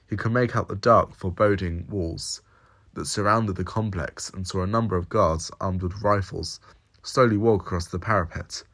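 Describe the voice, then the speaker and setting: Very deep-voiced male story reader. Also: moderate pace. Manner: steady, descriptive storytelling. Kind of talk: audio story narration.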